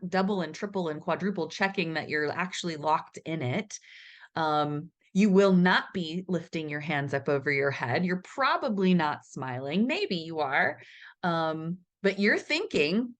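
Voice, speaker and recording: Woman presenter, low voice, questioning listeners. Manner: asks the audience questions, acts out inner voices. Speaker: webinar presenter. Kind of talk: teaching talk. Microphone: video call mic.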